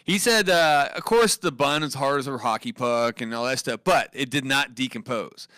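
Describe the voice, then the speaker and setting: A man co-hosting a casual live show, excitable and profane, laughing often as he reads out odd news stories. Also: mid-range voice, moderate pace, no room sound, clean studio sound. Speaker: co-host.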